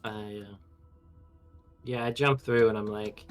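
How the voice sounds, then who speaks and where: A man's voice: fairly low pitch, steady tone, a little slow, clear, resonant tone, soft background music. A man playing a tabletop game, talking casually and unsurely, with many fillers. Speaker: player.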